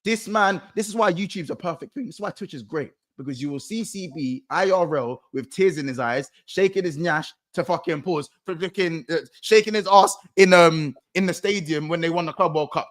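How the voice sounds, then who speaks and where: A man with a fairly high voice co-hosts a casual football chat. He teases the others in an animated, ribbing way. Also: brisk, hardly any pauses. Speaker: podcast co-host. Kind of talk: casual banter.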